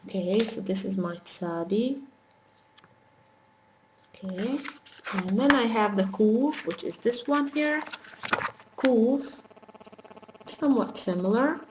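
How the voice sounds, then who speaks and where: A woman with an Arabic accent teaching letters slowly and patiently, talking as she writes and correcting small slips. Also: mid-range voice. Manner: patient, talks while writing, small self-corrections. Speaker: language teacher. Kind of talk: slow whiteboard alphabet lesson. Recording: echoey room with faint noise.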